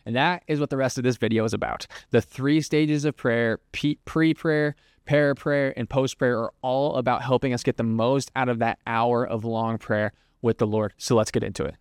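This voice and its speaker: A young man teaching in a loose, chatty way, full of "like"s and little acted-out quotes. His voice is smooth and resonant, recorded close and dry with no room sound. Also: medium pitch, fairly even intonation, moderate pace, few pauses, dry recording. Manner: conversational, filler-heavy, lots of "like", acts out hypothetical quotes. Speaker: podcast host. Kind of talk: casual Christian teaching monologue.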